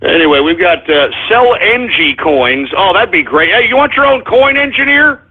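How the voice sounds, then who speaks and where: Man, radio host, comedic rant, exasperated, high lively voice, tinny lo-fi sound. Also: normal speed. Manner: exasperated, swings between muttering and shouting. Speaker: internet radio show host. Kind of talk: comedic ranting radio monologue. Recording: tinny phone-like lo-fi audio.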